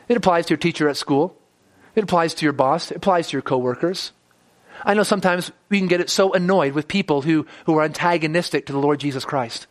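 Male pastor, high register, earnest sermon delivery in church, swells then drops low. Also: quick pace. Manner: earnest preaching, building to emphatic peaks then dropping low.

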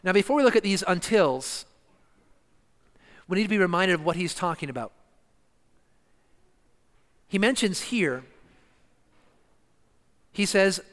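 A man preaching an expository sermon, emphatic and slowing down to stress key words. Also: high voice, expressive, fairly bright tone. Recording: long reverb of a church hall.

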